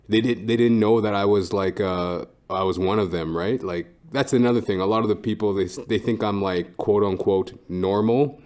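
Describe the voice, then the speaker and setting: A man's voice: fairly low pitch, normal speed, a little mellow. A man hosting a podcast who rambles through a casual monologue with constant swearing and lots of fillers. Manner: profane, rambling, heavy fillers. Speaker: podcast host.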